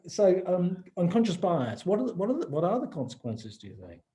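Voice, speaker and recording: A man hosts a conversational interview, his pitch rising and falling in a lively way. He talks reflectively, pausing and restarting his sentences as he thinks aloud. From England. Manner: reflective, halting, many restarts. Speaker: podcast host.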